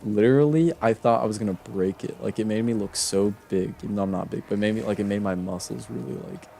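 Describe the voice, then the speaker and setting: A young man on a game stream rambles through a personal story, restarting his sentences and stacking up fillers. His voice sits low with a gravelly fry. A faint hiss of noise runs underneath. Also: fast talker, warm tone. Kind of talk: casual storytelling while gaming.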